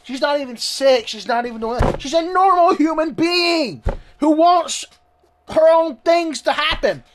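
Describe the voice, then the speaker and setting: A man reading a story aloud and ranting about it in excitable, profane commentary. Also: very high-pitched, a little slow. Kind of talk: ranting read-along commentary.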